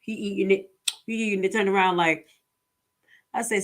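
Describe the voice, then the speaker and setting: A woman's voice: mid-range voice, fairly even intonation, normal speed. A woman giving casual commentary, telling stories in a blunt, profane, preachy way. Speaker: commentary vlogger.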